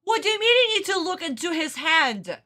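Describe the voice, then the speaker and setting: High, lively exasperated woman. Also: brisk. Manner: exasperated, rants and laughs at the show. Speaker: reaction video host. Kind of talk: casual reaction commentary.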